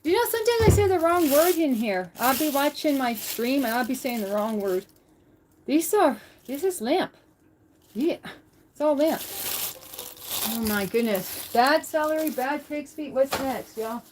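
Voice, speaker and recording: High-voiced woman chatting while cooking. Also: animated, a little slow, background noise. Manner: chatty, thinks aloud, talks to viewers. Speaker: livestream host. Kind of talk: casual cooking livestream chat. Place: home kitchen.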